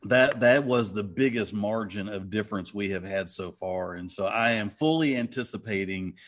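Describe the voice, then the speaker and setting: A man's voice: on the low side, moderate pace. A man co-hosting a podcast in easygoing, rambling casual chat, often laughing. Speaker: podcast co-host.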